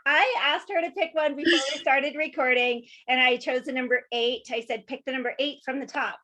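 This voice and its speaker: A woman hosting a casual promotional interview with a vendor, bubbly and enthusiastic and quick to exclaim. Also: sits high, steady tone, bright, forceful tone. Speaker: event host interviewing a vendor.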